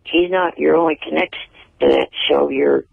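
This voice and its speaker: Gravelly raspy guy calling in on the phone, stubborn, dry line. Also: a little high, moderate pace, dry recording, phone-quality sound. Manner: stubborn, flat refusals. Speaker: caller, actor. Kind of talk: phone-in radio talk.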